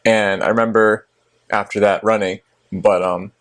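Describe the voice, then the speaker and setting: A man's voice: lowish voice, little pitch movement, a little slow. Young man with dry teasing jokes. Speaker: co-host, her son. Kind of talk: casual chat.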